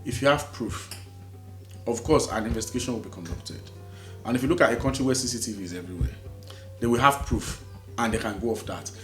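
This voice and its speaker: A man's voice: mid-range voice, fast talker, pauses often. A man co-hosting a podcast, explaining his point earnestly and emphatically. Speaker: podcast co-host. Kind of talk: casual discussion. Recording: roomy echo, faint music.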